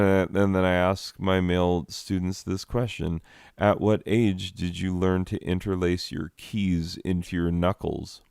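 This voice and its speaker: A man's voice: low voice, a little mellow, smooth, no room sound, clean studio sound. A man giving rambling, exasperated comedic commentary on slides, full of "like" fillers.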